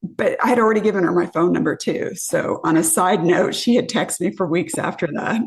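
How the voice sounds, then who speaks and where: A woman from California telling a story on a podcast in a casual, animated way, acting out what people said and swearing when she relives the moment. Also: fairly low pitch, fairly quick, gravelly. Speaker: guest storyteller.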